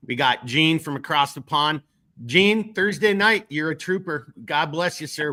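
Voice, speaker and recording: A man's voice: a little high, measured pace, sharp tone. A man with a Minnesotan accent hosting a casual political podcast, rambling with many restarts and casual swearing. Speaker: podcast host.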